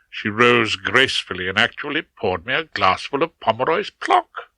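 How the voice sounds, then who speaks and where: Wry, bright-voiced male narrator. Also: medium pitch, big pitch swings, normal speed, no echo, rough recording. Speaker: audiobook narrator. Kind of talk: first-person audiobook narration.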